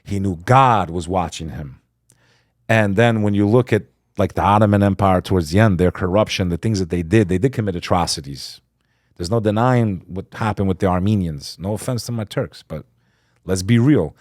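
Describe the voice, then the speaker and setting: A low-pitched man speaks as a guest on a podcast, recounting a story with real conviction. His voice rises to loud, pressing emphasis, then drops to a hushed near-murmur. The sound is dry and close, with no room around it. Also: moderate pace, dry recording. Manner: fervent, swings between loud emphasis and hushed asides; acts out quoted speech. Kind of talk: impassioned storytelling in conversation.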